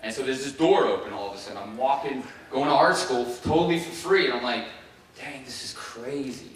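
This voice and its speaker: A man in his fifties from Ohio giving a keynote speech, telling his own story in a casual, halting way full of fillers and restarts. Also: medium pitch, recorded from a distance. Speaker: keynote speaker. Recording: echoey hall, mic away from the speaker.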